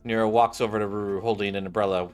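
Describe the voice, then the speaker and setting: A man's voice: lowish voice, flat delivery, fast, soft background music. A man reading a game story aloud, breaking in with casual, wry asides.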